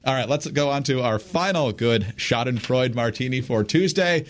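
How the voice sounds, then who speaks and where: A man's voice: medium pitch, moderate pace. Sardonic male podcast co-host. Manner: sardonic, teasing. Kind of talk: casual political chat.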